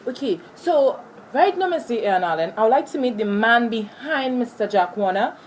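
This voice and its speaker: Woman, interviewer, reads set questions, slightly high, lively pitch. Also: moderate pace, a little hiss or hum. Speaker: interviewer for a school project.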